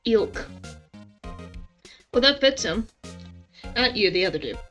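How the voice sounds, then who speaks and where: A woman's voice: a little high, lively intonation, slow, a bit bright, rough recording. Casual woman streamer reading game text. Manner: casual, mumbled asides between read lines. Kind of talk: let's play, reading game dialogue aloud. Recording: music playing behind.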